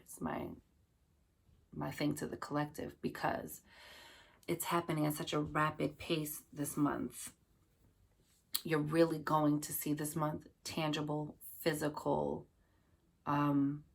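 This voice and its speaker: Very creaky low-voiced woman reading tarot. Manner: chatty, loose, filled with "like" and "you know", addresses listeners fondly. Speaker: tarot card reader. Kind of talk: casual tarot reading to viewers.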